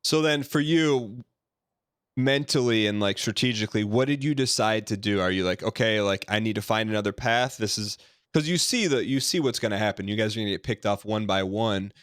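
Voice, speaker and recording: A man's voice: lowish voice, a little fast, a bit bright, clean tone, no echo, clean studio sound. A man hosting a podcast, asking long rambling questions full of restarts and fillers. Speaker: podcast host. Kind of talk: casual interview talk.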